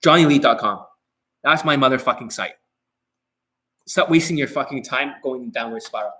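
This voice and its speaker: A man holds a live stream Q&A as a dating coach. His voice sits at an ordinary middle pitch. He talks bluntly and curses freely, rambling and circling back over the same phrases. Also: normal speed, pushed and bright, low-quality recording. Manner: repeats and restarts phrases.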